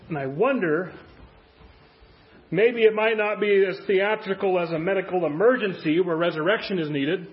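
A man's voice: high-pitched, highs cut off. A man preaching a conversational sermon as a pastor, full of rhetorical questions.

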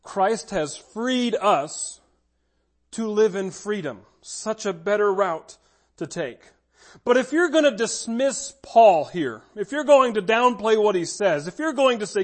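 A man preaching with a notably high voice, pressing his points hard. He slows down on the words he wants to land and speeds up through his asides. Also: lively intonation. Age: adult with a child. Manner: emphatic, slows down to stress key words. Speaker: pastor. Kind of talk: sermon.

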